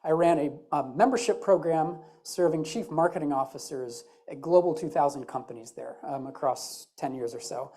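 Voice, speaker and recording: A woman with an American Midwestern accent speaks from a conference stage in a low, mellow voice. Her talk is chatty and loose, with self-deprecating jokes mixed into the business content.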